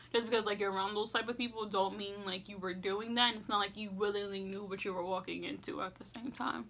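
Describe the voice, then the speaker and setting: A young woman vlogger gives casual school advice while eating, chatting fast with few pauses and leaning heavily on "like" and "you know what I'm saying." Her medium-pitched voice is fairly bright, with fairly even intonation.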